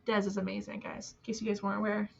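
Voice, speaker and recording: A woman's voice: medium pitch, monotone, fast talker, gravelly, darkish tone, slight background noise. A woman hosting a casual spiritual live-stream, bubbly and gushing, chatting with fillers and reading quotes aloud. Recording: dull lo-fi stream audio.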